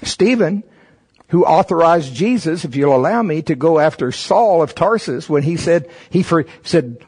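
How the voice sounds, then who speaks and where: Husky-voiced man preaching a sermon. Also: high-pitched, animated, moderate pace, darkish tone. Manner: reads a text aloud and stops to comment; emphatic, rising on key words.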